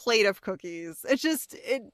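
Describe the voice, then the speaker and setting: A woman co-hosting a podcast in casual chat, animated and laughing often. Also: mid-range voice, no echo, studio quality. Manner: animated, laughing, quick asides. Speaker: podcast co-host.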